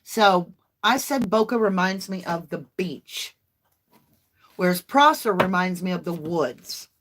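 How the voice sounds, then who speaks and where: A woman's voice: on the low side, expressive, takes it slowly, background noise. A woman, hosting a casual livestream tarot reading in a chatty, folksy way and addressing viewers as y'all. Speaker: tarot reader livestream host.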